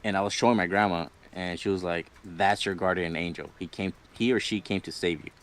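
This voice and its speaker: A man's voice: low voice, steady tone, a little fast, a bit bright. A young man casually telling a personal ghost story on a livestream, rambling, swearing freely and laughing between lines. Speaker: guest storyteller.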